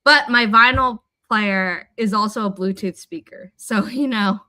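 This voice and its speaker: A woman hosting a writing livestream, chatting casually and telling rambling, animated stories. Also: medium pitch, a little slow, no room sound. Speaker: writing sprint host.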